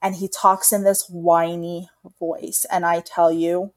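A woman's voice: on the low side, takes it slowly. A young adult woman co-hosting a casual podcast, talking openly and animatedly about motherhood. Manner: open and confessional, animated retelling. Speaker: podcast co-host. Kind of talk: candid casual chat.

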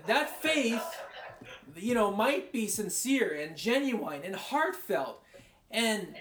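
A man giving a conversational, rambling sermon as a pastor, his voice going a bit hoarse. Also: high-pitched, animated, takes it slowly, roomy sound, noisy background. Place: large room, speaking to a congregation far away.

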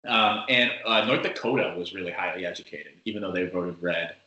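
Casual talker, male, rambling and filler-heavy, forceful tone, echoey room. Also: sits low, brisk, dull audio. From Massachusetts. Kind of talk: casual chat.

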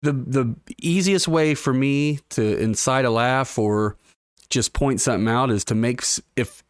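A man co-hosts a casual podcast chat, earnest and a little halting as he works through his point. His voice sits in a middle register and sounds dry and close. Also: medium pitch, smooth, dry recording. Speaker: podcast co-host.

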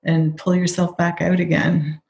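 A woman's voice: on the low side, little pitch movement, a little slow, vocal fry, a little mellow. A woman hosting a podcast, agreeable and affirming as she interviews her guest. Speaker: podcast host. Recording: roomy with faint background noise.

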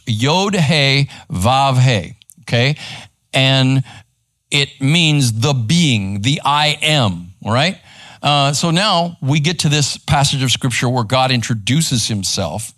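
A man's voice: fairly high pitch, a bit bright, dry recording. A man teaching as a pastor in a church, speaking conversationally and often checking in with his listeners with "okay?" and "right?". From Texas. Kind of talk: live church teaching with slides. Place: church room.

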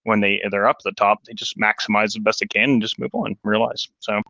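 Bright-voiced man in casual faith talk. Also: fairly low pitch, brisk, creaky, no echo, muffled recording. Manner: animated storyteller, acts out quotes. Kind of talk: casual Christian discussion.

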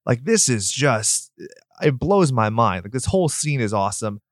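A man co-hosting a podcast, chatting casually about a movie, excitable and quick to rant and swear. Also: medium pitch, dry recording, clean studio sound. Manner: excitable, swears, gets loud when ranting. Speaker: podcast co-host.

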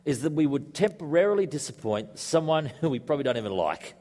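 A man's voice: on the high side, sing-song, fast, a little mellow. A man preaching a sermon to a congregation in a conversational way, mixing in joking asides. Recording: echoey hall reverb.

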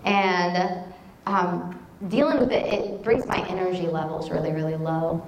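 A woman preaching a sermon in a conversational, animated way, telling stories and quoting scripture. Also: fairly low pitch, measured pace, echoey room, background noise.

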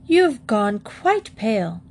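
A woman's voice: mid-range voice, very animated, takes it slowly, a little mellow. A woman voicing a concerned middle-aged mother.

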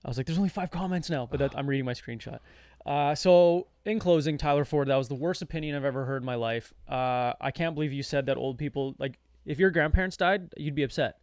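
A man's voice: on the high side, quick pace, darkish tone, no room sound. A man co-hosting a podcast, telling a story in casual chat, sarcastic, laughing often and reading posts aloud. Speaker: podcast co-host.

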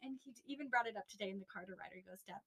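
A young woman co-hosting a podcast, telling a story in a chatty, animated way, full of "like" and laughter, recorded in a small closet. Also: medium pitch, very fast. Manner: animated, laughing, lots of "like" fillers. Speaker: podcast co-host. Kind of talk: casual storytelling chat.

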